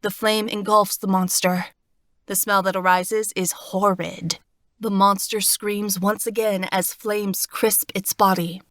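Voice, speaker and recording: Woman reading a fantasy audiobook, mid pitch, bone-dry close mic, expressive but steady. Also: takes it slowly, no room sound. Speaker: audiobook narrator. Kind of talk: first-person fantasy audiobook narration.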